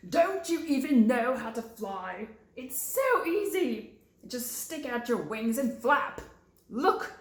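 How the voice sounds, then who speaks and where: A woman's voice: on the high side, very animated, slow pace, reverberant, pitched above the performer's own voice. A woman doing a rude, cackling show-off pigeon. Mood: mocking. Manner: cackling, taunting.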